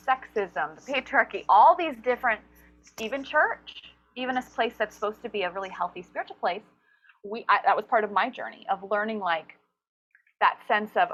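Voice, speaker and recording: A woman being interviewed as a guest coach for actors, talking in an animated, expressive way and acting out her inner voices. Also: mid-range voice, low-quality recording. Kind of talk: summit interview conversation.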